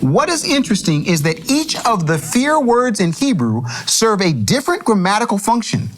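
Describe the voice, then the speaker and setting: A man teaching a Bible study, chatty and animated, chuckling and restarting phrases as he explains. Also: high-pitched, moderate pace, faint music behind.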